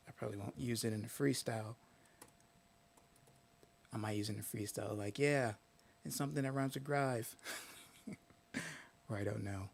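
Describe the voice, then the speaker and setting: A man's voice: on the low side, creaky. A man hosting a casual live stream, thinking aloud and muttering words to himself as he works through a list.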